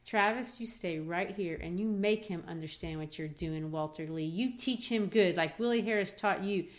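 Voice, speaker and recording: A woman's voice: lowish voice, moderate pace, lightly acted. A woman reading out the firm, commanding lines of a proud older mother in a play. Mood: stern.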